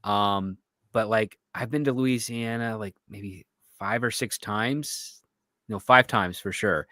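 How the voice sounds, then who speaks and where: A chatty man co-hosts a casual livestream and talks in an easygoing way. His voice is fairly low. The sound is dry, with no trace of room echo. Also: fairly even intonation, takes it slowly, sharp tone. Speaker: podcast co-host.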